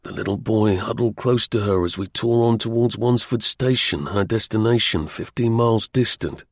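A male audiobook narrator reading an old-fashioned tale in a measured, formal way. His mid-pitched voice is gravelly and a little husky. The recording is dry and close. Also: no echo. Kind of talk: scripted narration of a period novel.

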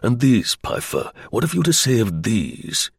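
A man voicing a calm, shrewd British intelligence officer in an audiobook reading. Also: mid-range voice, unhurried, gravelly, slightly rough, no echo, studio quality, heavily acted. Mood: stern. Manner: imperturbable, dryly confident. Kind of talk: audiobook character voice.

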